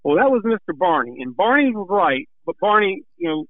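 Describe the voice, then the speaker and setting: A man with a fairly high voice tells a racing story in a folksy, animated ramble, a little short of breath. He comes through a thin, tinny phone line with a dry sound. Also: fairly quick, no room sound. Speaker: guest telling a racing story. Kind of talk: casual storytelling.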